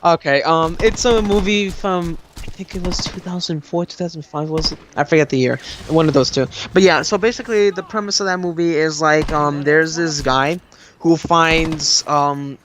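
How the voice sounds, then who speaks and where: A young man in casual chat during a gameplay video, rambling and excitable, with many fillers. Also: fairly high pitch, normal speed, a little hiss or hum.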